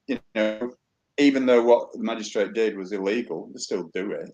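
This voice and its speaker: A man hosts a relaxed conversation and talks plainly and easily with his guest. His voice sits fairly low. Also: moderate pace, faint music behind, poor audio. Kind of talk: casual chat.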